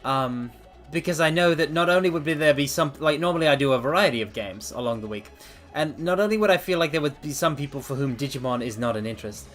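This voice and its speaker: Dramatic, slightly high-voiced male streamer. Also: fast, hardly any pauses. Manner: theatrical, addresses viewers as mortals; animated, swings between loud outbursts and mock apologies. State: out of breath. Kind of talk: casual chat. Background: faint background music.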